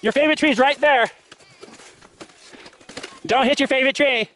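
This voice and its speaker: A man's voice: very high voice, normal speed, pushed and bright, a little hiss or hum. A man filming friends on a ski trip outdoors, cheering them on, teasing and laughing often in casual commentary. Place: outdoors on a snowy hill. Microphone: handheld camera.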